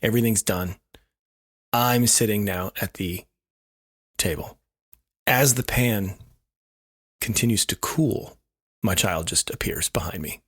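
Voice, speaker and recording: A man's voice: on the low side, measured pace, pauses often, breathy edge. A man co-hosting a podcast, telling a self-deprecating story in a wry, casual way. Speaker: podcast co-host.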